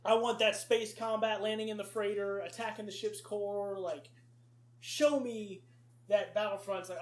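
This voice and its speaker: A man co-hosting a casual podcast chat, excited and quick to laugh. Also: high voice, reverberant. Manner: excited, laughs often, quotes movie lines. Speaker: podcast co-host.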